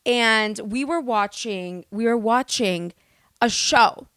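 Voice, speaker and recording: Young american woman podcasting, bright voice kinda high, super animated and sweary, dry close mic. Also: slow pace, clear, resonant tone, no echo. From United States. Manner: animated, swearing, exaggerated storytelling. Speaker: podcast host. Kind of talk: casual storytelling monologue.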